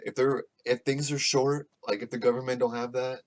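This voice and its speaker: A man's voice: medium pitch, fairly even intonation, fairly quick. A man hosting a podcast, ranting casually in a profane, rambling, sarcastic way. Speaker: podcast host. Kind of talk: casual rant.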